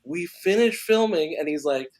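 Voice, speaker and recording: A male actor and filmmaker, a guest on a podcast, telling an animated anecdote and laughing often as he talks. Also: fairly high pitch, moderate pace. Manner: excitable, laughs often while storytelling.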